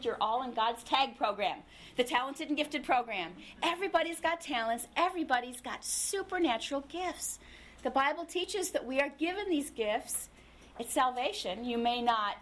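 A woman preaching a sermon in a conversational, humorous way, acting out little quotes as she teaches. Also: high-pitched.

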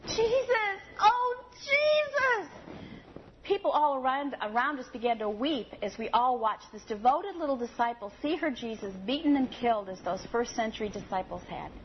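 A woman preaching a sermon and reading a story aloud with expressive, lively storytelling. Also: a little high, fairly quick, hardly any pauses, slight background noise. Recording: slightly dull audio with faint ambience.

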